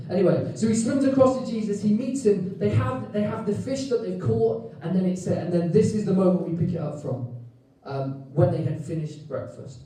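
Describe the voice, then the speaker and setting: A Welsh man preaching in a church hall, his voice high-pitched and dark in tone. He tells the story in a lively, joking way, acting out the quotes. The sound is very roomy, picked up from a distance. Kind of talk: sermon. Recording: echoey hall, mic at a distance.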